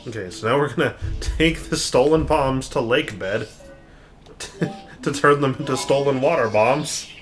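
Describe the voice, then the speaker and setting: A man's voice: mid-range voice, a little slow, poor audio. A man playing a video game, dryly planning his moves aloud in casual commentary. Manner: dry, plans moves aloud, wry. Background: game music.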